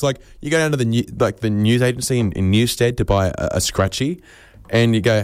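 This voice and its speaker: An Australian man in his twenties or so, hosting a comedy podcast and rambling through deadpan absurd bits, acting out quoted voices. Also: medium pitch, normal speed, no echo, studio quality. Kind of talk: rambling comic monologue.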